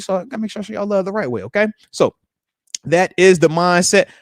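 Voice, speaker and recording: A man's voice: high voice, fairly quick, no room sound, studio quality. A man in his thirties hosting a live show, chatting casually in slang, teasing commenters and calling them man. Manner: animated, slangy, teasing, says man a lot. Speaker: live show host, retired football player. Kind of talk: casual live-stream chat reading comments.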